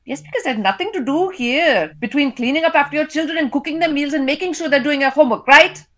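A woman's voice: fast talker, a bit bright. A woman voicing a furious, drunk middle-aged Indian mother who screams in an Indian accent. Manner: shrill, screaming.

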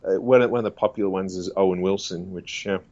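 Impressionist guest, man, lowish voice, casual and chatty, muffled lo-fi track. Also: fairly even intonation, darkish tone, no room sound. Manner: breaks into quick celebrity and preacher impressions, laughs often. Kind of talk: casual interview chat with impressions. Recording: dull lo-fi sound.

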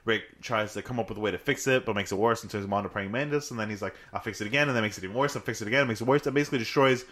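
A podcast co-host excitedly retelling cartoon episodes in casual chat, swearing freely. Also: medium pitch, racing.

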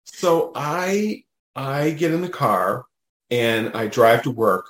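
A man, a guest medium, telling a personal story in a casual, animated way, often adding "you know" and "right?". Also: mid-range voice, slow, reverberant.

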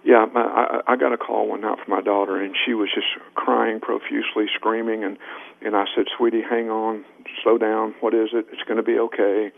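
Speaking over a tinny phone line on the radio, this middle-aged man has a lowish, creaky voice with a flat, brisk delivery. He's a leadership trainer and interview guest who earnestly shares stories and performs the quoted lines.

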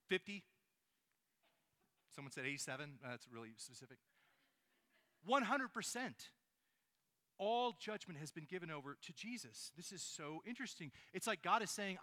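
A man's voice: fairly high pitch, pushed and bright. A man preaching a sermon, asking his listeners rhetorical questions and reading scripture aloud. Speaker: pastor.

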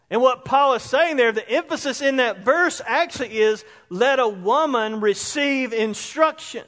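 A high-voiced, slightly bright male pastor delivers a sermon in a church sanctuary whose hall is reverberant. His preaching is conversational, and he puts questions to the congregation.

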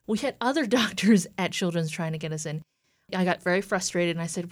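A woman's voice: fairly low pitch, fairly quick, no echo, studio quality. A woman in her thirties, a podcast guest telling a personal story in earnest, quoting what people said. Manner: earnest, retelling with quoted dialogue.

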